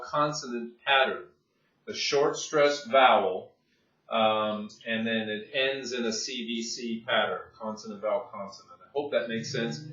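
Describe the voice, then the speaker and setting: A man teaching an English grammar lesson, explaining rules slowly and repeating himself, often asking "okay?" and restarting sentences. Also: mid-range voice, a bit bright. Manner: repetitive, checks in with "okay?", many restarts and fillers. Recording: distant, roomy, dull lo-fi sound.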